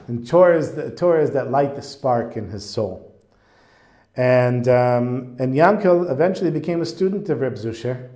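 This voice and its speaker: Torah teacher, man, casual and animated, middle pitch, roomy reverb. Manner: chatty, animated, with fillers. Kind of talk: casual storytelling lesson. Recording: roomy echo.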